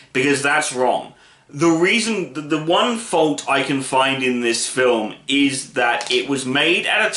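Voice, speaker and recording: Opinionated man with a bright, ringing voice. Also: medium pitch, roomy sound. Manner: rambling, opinionated, with many fillers and restarts. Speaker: YouTube film reviewer. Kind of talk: casual review monologue.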